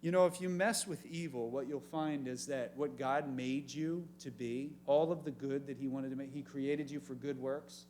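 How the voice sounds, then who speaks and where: A man as youth pastor, preaching an animated sermon and asking the room questions. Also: mid-range voice, moderate pace, few pauses, slight background noise. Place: church youth meeting room.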